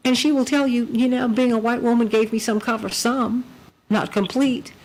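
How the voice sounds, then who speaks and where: A woman hosting a radio talk show, telling stories in casual chat and swinging from loud to hushed. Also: on the high side, fairly even intonation, moderate pace.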